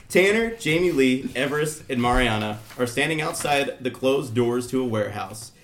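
Man narrating comedy scene directions, animated, echoey room. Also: medium pitch, moderate pace, a little hiss or hum. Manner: giggling through mistakes. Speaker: comedy podcast co-host.

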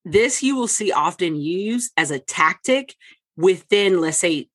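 A podcast host explaining types of therapy to listeners in a brisk, clear way, adding personal examples. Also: medium pitch, animated, a bit bright.

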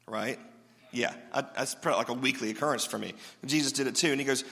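A man's voice: mid-range voice, a little fast, sharp tone, long reverb tail. A pastor giving a sermon in a casual, joking way, often asking his listeners questions. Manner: conversational, joking, asks the crowd questions.

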